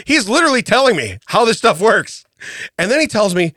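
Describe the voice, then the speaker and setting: Animated man telling a funny story. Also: high-pitched, a little fast, no echo, studio quality. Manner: animated storyteller, laughs often, says "okay?" a lot. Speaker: podcast co-host. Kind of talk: casual comedic chat. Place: podcast studio. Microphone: studio mic.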